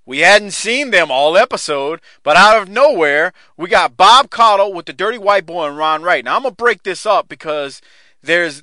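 A man's voice: on the high side, sharp tone, dry recording. A man hosting a podcast, chatting casually and with enthusiasm, laughing often. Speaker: podcast host. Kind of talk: casual chat.

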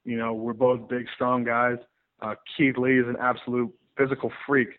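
A man who wrestles, telling stories in a rambling, animated way in a casual interview. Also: medium pitch, normal speed. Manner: rambling, animated storyteller with many restarts. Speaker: pro wrestler guest. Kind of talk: casual interview over the phone. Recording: tinny phone line.

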